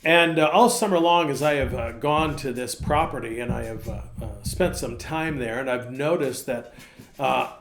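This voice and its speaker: A man's voice: medium pitch, normal speed, fairly bright tone. A man, a pastor, giving a casual, folksy devotional talk in front of a virtual background, repeating phrases for emphasis.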